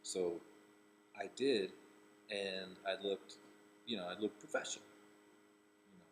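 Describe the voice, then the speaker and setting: Low-voiced comedian guy from rhode island rambling through a story, lots of restarts, little hiss behind. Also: unhurried, poor audio. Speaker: comedian and actor. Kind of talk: casual personal storytelling.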